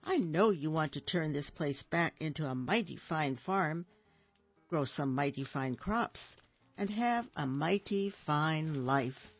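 A woman voicing a fast-talking, sly salesman fox with a pushy sales pitch, read for a children's storybook. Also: lively intonation, no echo, muffled recording, faint music behind, exaggerated voice. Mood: persuasive.

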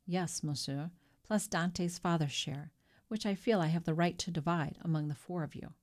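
Woman reading as a calm formal priest. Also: fairly low pitch, moderate pace, close to an everyday voice. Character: calm, measured male priest.

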